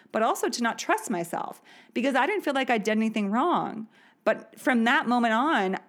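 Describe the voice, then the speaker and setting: A woman in her thirties hosting a podcast, telling a personal story in a candid, chatty way, laughing now and then. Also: medium pitch. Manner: chatty, candid, often laughing, many fillers. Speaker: podcast host.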